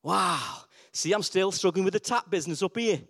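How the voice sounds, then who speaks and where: A man preaching a lively sermon, asking the congregation questions and repeating his key words for emphasis. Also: sits high, moderate pace. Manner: call-and-response questions, emphatic repetition.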